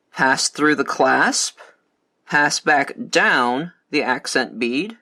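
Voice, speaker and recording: A man giving a calm, methodical step-by-step beading tutorial. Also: medium pitch. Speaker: beading instructor.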